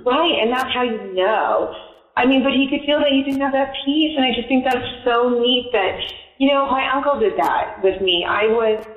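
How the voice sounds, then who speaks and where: A woman's voice: a little high, normal speed. Emotional woman telling a story, phone-like sound. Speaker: guest. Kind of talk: casual interview chat. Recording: echoey, tinny phone-line sound.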